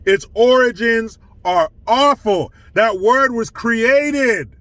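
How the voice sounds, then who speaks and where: A man's voice: extremely high pitch, slow, fairly bright tone, no echo. A man hosting his own commentary channel, ranting bluntly and scornfully with plenty of profanity. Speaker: political commentary channel host.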